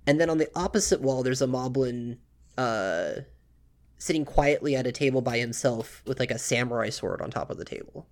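A man narrating a tabletop game as game master, relaxed and halting, with many fillers. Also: mid-range voice.

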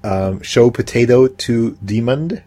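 A man's voice: medium pitch, slow pace, mellow. A man co-hosting a podcast, playing a game in casual chat with hesitant, dry humor. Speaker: podcast co-host, player.

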